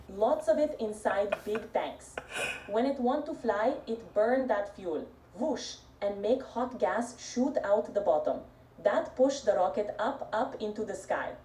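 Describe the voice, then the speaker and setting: AI voice doing a goofy broken-English bird. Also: female voice, fairly high pitch, dark tone, recorded from a distance. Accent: hard-to-place foreign accent. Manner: broken grammar, short chopped phrases. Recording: voice played from a speaker, picked up from across a roomy space.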